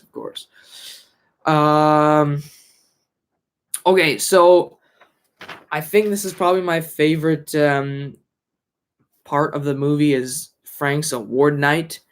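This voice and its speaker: A man reviewing a film in casual chat, rambling with lots of fillers and restarts. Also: mid-range voice.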